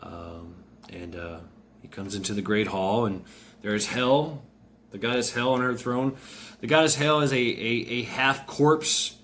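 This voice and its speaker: A man's voice: medium pitch, measured pace, fairly bright tone, slight background noise. A man casually telling a story aloud, rambling, with many fillers and restarts.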